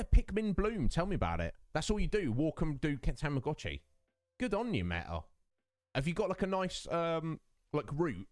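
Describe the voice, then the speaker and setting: Chatty male streamer with a lively voice. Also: on the high side, dry recording. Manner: chatty, greets viewers by name, laughs often. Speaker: streamer hosting his own show. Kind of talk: casual chat with viewers. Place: home streaming setup.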